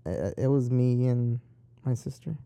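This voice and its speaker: A man's voice: mid-range voice, moderate pace, dark tone, no room sound. A young man chatting casually, rambling and swearing freely as he tells stories. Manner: rambling, profane and talkative. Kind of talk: casual chat.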